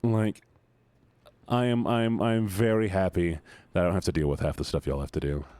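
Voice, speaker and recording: A man streaming live, chatting casually with his audience in an excitable, playful, teasing way. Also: sits low, brisk, no echo.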